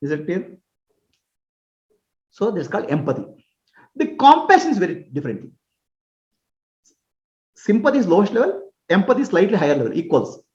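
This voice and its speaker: A man teaching as a spiritual teacher in a question-and-answer talk, explaining with homely examples, checking that listeners understand and chuckling often. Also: high-pitched. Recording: roomy, dull lo-fi recording.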